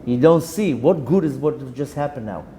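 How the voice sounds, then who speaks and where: A man, a rabbi giving a Torah lesson, telling a story with animated delivery, dropping in Hebrew terms and restarting his sentences. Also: medium pitch, moderate pace, a little hiss or hum. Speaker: rabbi teaching a Torah class.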